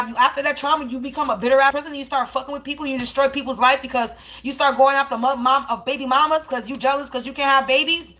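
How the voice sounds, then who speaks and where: A woman's voice: high-pitched, fairly bright tone. A woman in a spiritual live stream, ranting in a profane, confrontational, rambling way while smoking, her mouth dry.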